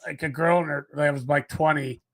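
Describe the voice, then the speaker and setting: A man's voice: fairly high pitch, steady tone, fairly quick, a crowd in the background. A man co-hosting a casual show, telling rambling anecdotes and laughing through them. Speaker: co-host. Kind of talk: casual storytelling chat.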